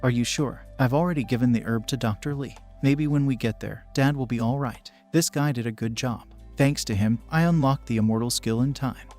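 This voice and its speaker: A man narrating a manhwa recap at a mid pitch, reading all the parts in one level voice. Soft music runs under him throughout. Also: fairly quick, few pauses.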